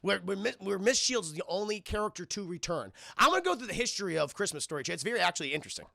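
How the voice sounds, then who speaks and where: A man recaps a film live for his chat, cursing and rambling as he goes. His voice sits high with a heavy crackly fry and a bright, forward edge. The sound is dry and close to the mic. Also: sing-song, rapid-fire, no echo. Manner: rambling, profane, addresses chat constantly. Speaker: film review streamer.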